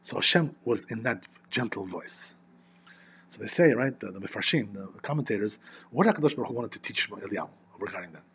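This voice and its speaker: A rabbi teaches an informal Torah class in a fairly low voice at a quick pace. He's animated and keeps checking in with "you know" and "right?". The lo-fi audio has a little hiss or hum.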